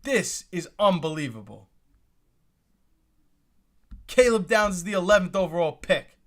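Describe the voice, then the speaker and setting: A man's voice: high voice, expressive, unhurried. A young man hosting a live reaction stream, exclaiming and repeating himself as he talks to his chat. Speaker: livestream host reacting to the draft.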